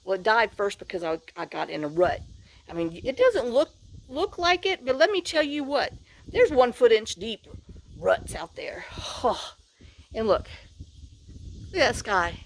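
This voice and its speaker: A woman's voice: on the high side, sing-song, unhurried, a little hiss or hum. A middle-aged woman, chatting casually to camera outdoors, worn out from work in the heat, sighing and rambling with lots of fillers. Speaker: vlogger. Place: outdoors on rural property.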